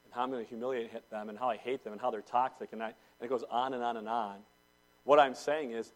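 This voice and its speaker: A man preaching a sermon to a congregation in a church, swinging between loud declarations and hushed intensity. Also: mid-range voice. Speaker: pastor.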